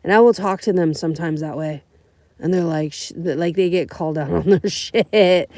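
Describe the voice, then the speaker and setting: A young adult woman from California, a rideshare driver, telling profane, animated stories on a casual livestream. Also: lowish voice, normal speed, no room sound, studio quality. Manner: blunt, profane, animated storytelling.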